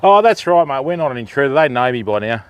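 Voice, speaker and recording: A man's voice: medium pitch, very animated, fast talker, clean tone. A man with an Australian accent hosting a fishing livestream from a campsite, chatting casually with his viewers. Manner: easygoing, chatty, laid-back Aussie banter. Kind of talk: casual live chat with viewers. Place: outdoors at a riverside campsite.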